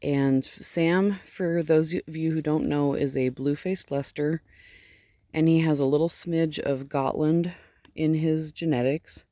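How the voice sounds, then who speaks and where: A woman sheep farmer with a husky morning voice, just up and chatting casually into a handheld phone outdoors at her barn, wandering off topic as she goes. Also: deep voice, steady tone, measured pace, dark tone, dry recording. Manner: chatty and digressive, easily distracted. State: just woken up, yawning. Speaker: sheep farmer and fiber seller.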